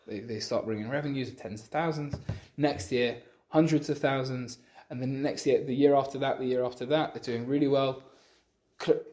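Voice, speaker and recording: A man teaching a Torah lesson with a story, halting often and restarting his sentences. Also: medium pitch, warm tone. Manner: halting, many restarts, acts out quotes. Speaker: religious teacher.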